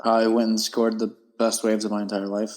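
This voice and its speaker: A man's voice: fairly low pitch, monotone, moderate pace, darkish tone, in a large hall. A man, a podcast guest talking casually in a laid-back, rambling way. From United States. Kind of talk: casual interview chat.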